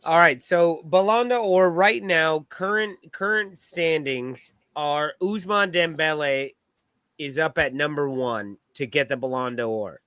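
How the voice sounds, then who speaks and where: A man's voice: fairly high pitch, slow pace, pushed and bright, clean tone, dry recording. A man hosting a football fan show in casual talk, blunt and swearing freely, with a New York accent.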